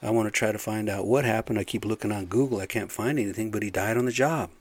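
A man's voice: fairly low pitch, fast talker, dry recording. A man who runs construction sites, ranting in a blunt, profane, fed-up way about careless workers. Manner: profane, blunt, frustrated venting. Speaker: construction site supervisor. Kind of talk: casual rant to camera.

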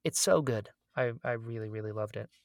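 A man's voice: on the low side, a little fast, creaky, no room sound, studio quality. Enthusiastic man gushing about shows. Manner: enthusiastic, gushing recommendations, many "like" fillers. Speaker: podcast co-host. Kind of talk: casual chat.

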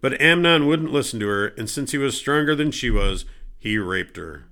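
A man reads a daily Bible passage in a steady, measured way. His voice sits in an ordinary middle range for a man, and the narration is calm and clear. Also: mid-range voice. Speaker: scripture reader.

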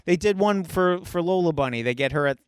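High-voiced, profane man retelling a movie. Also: a little fast, smooth, dry recording, studio quality. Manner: animated, profane storytelling. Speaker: podcast co-host. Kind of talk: casual chat.

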